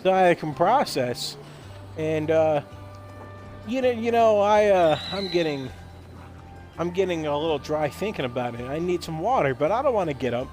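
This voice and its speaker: A young man talks while he plays a game, rambling through a silly monologue. He stammers and repeats words as he goes. His voice sits a little high, with faint music in the background. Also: animated, moderate pace, a little mellow. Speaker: gaming streamer.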